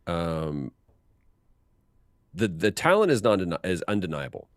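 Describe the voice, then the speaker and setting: A man as an interview guest, telling animated behind-the-scenes stories and acting out quotes with frequent restarts. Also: sits low, measured pace, no echo, studio quality. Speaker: voice actor guest. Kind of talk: casual interview storytelling.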